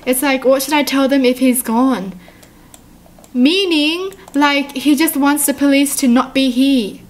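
A woman with a high voice chats through a creepy text story in casual reaction commentary. She is excitable, gasps often and fills her talk with quick questions and fillers. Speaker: YouTuber reading a chat story.

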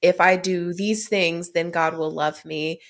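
A woman co-hosting a podcast, explaining ideas in a measured casual chat. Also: lowish voice, fairly even intonation, a bit bright. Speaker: podcast co-host.

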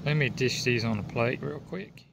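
A man's voice: mid-range voice, expressive, normal speed, creaky. A man, casually narrating his camping vlog and talking to viewers at a wooded campsite. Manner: easygoing, talks to viewers as guys. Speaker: camping vlogger. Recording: noisy outdoor camcorder audio.

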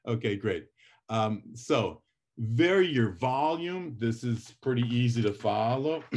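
A middle-aged man teaching a public speaking class, lecturing with lively shifts in volume and pace to demonstrate his points. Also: medium pitch, takes it slowly. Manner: animated, varies volume and pace for effect.

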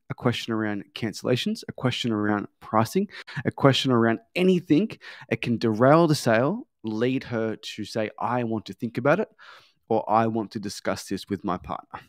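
A man with a mid-range voice teaches a sales training lesson, recorded with studio quality and no echo. He coaches emphatically, repeating key points and acting out snippets of sales dialogue.

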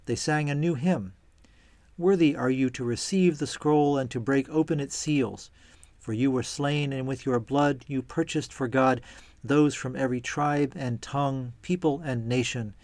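A man giving a measured, reverent reading of scripture followed by a calm reflection, delivered deliberately for a church series. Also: medium pitch, no echo. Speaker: church reader and teacher.

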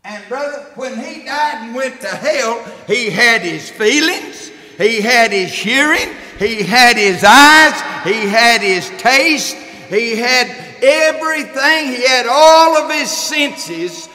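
A man preaching a sermon, folksy, loud and emphatic, swinging from shouts to low storytelling. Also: expressive, slow pace, few pauses. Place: church sanctuary. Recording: long church reverb.

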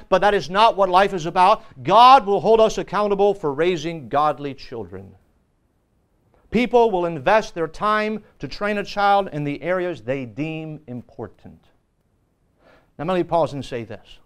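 Fervent high-voiced preaching man. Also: clear, resonant tone. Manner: fervent preaching, repeats lines for emphasis. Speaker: pastor. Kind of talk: Sunday school lesson preaching. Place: church.

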